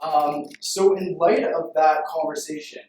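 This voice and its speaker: A man's voice: fairly high pitch, fairly even intonation, unhurried, a little mellow, recorded from a distance. Young man telling a playful story. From Canada. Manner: playful, self-deprecating. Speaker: presenter. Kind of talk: storytelling pitch presentation. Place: room full of people. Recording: echoey room recorded from afar.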